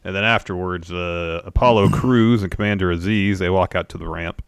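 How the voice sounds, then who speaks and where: With a low, smooth voice touched by vocal fry, this podcast co-host recounts a wrestling show at a moderate pace. His recap runs play by play, steady and methodical, with fillers sprinkled in. There is no room sound on the recording.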